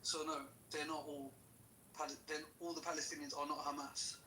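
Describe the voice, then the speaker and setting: A man's voice: on the high side, little pitch movement, moderate pace, sharp tone, roomy sound, distant mic, a little hiss or hum, low-quality recording. A man hosting a heated debate, rambling and hedging as he keeps asking if others follow him. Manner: rambling, hedging, keeps asking "do you know what I mean".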